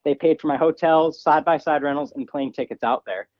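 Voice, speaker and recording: A young man, a guest on a podcast, telling a story in a casual, animated way and putting on a higher voice when he quotes other people. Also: brisk, no room sound, dull audio. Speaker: guest, ATV racer.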